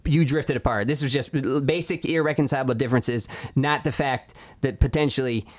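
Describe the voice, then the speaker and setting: This is a man hosting an improvised comedy interview, with a mid-pitched voice. He stumbles over his words, restarts his sentences and probes every odd detail with disbelieving questions. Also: fairly even intonation, fairly quick. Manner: stammering, incredulous follow-up questions. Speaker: comedy podcast host.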